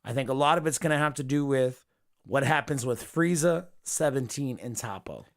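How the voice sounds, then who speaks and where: A man hosting a casual late-night podcast, swearing a lot and swinging from low mumbles into shouted rants. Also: moderate pace. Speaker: podcast host.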